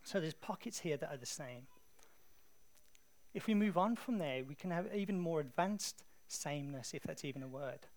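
An English man delivers a sermon in a conversational way, telling stories with animation. His voice is on the high side, and he speaks at a normal speed.

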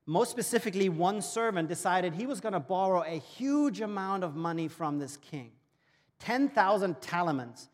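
German-born pastor, earnest sermon delivery, higher voice, reverberant hall sound. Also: male voice, animated, moderate pace. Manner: storytelling with acted-out dialogue, earnest. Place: church auditorium. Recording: long reverb of a church hall.

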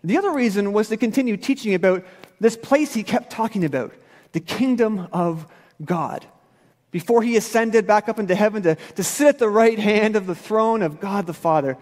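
High-voiced pastor preaching in a reverberant hall. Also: male voice, moderate pace, darkish tone. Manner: conversational, casual slang. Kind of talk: sermon. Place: church sanctuary.

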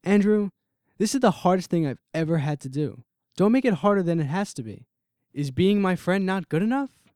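A man's voice: sits high, animated, moderate pace, darkish tone, smooth, no room sound, clean studio sound, voice pushed up. A man reading the lines of a young woman who pleads and defends herself while ending a secret romance. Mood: pleading.

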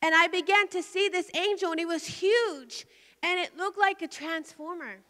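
A middle-aged woman pastor, her voice pitched extremely high and sharp, shares a testimony during a sermon at normal speed. She tells it as an emotional story that builds in intensity. The recording, made in a large conference hall, carries a long hall reverb.

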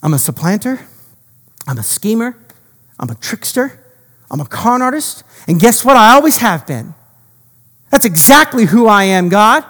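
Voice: medium pitch, big pitch swings, moderate pace, long pauses, fairly bright tone, long reverb tail. A preacher voicing Jacob, a troubled man confessing to God, who grows more emphatic and pleading as the confession goes on. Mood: anguished. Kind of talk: sermon.

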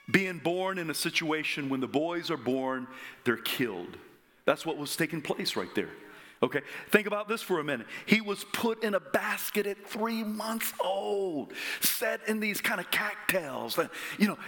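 Brief: male preacher with a bright, slow, highly animated delivery. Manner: dramatic, animated storytelling with sudden whispers and shouts. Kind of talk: sermon.

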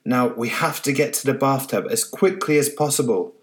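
A man voicing a brave, protective female butterfly guardian in a storybook reading, gentle but firm. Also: medium pitch, moderate pace, close to an everyday voice. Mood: kind. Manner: gentle, then firm and commanding.

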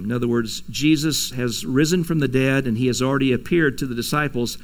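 A man's voice: medium pitch, fairly quick, hardly any pauses. A man preaching a sermon to his congregation, in a conversational way, chuckling now and then and acting out quoted lines. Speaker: pastor. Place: church sanctuary.

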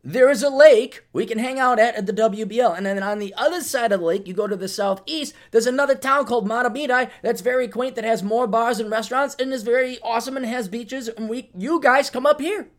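A man's voice: very high voice, a little fast, hardly any pauses. A man hosting a podcast, telling rambling, profane stories and acting out quotes. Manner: profane, animated storyteller who acts out quotes. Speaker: podcast host. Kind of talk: rambling comedic monologue.

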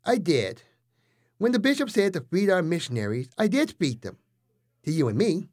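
A nervous young cannibal girlfriend, put on by a man reading a comic story. The voice sits high and swings around, fluttery yet oddly matter-of-fact. Her delivery stays chatty and cheerful rather than menacing. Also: very animated, moderate pace, darkish tone.

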